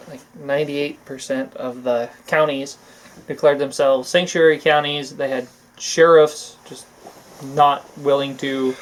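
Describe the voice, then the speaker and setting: A man's voice: a little high, poor audio. Easygoing male co-host recapping news. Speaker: podcast co-host.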